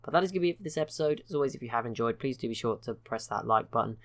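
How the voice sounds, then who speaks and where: A man's voice: mid-range voice, lively intonation, very fast, fairly bright tone. A man hosting a gaming channel, giving casual, rambling, self-mocking commentary over a strategy game.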